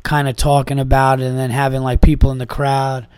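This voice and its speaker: Hoarse man rambling through a podcast story. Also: mid-range voice, monotone, a little fast, darkish tone, dry recording, studio quality. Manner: rambling, profane storytelling with frequent restarts. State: slightly hoarse with a sore throat. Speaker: podcast host and comedian. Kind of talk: casual podcast monologue.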